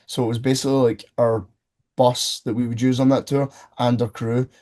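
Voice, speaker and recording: A man's voice: medium pitch, level tone, a little fast, mellow. A man with a Scottish accent, an interview guest telling a story in an easygoing way. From Scotland. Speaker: band vocalist, guest. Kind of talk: casual interview chat.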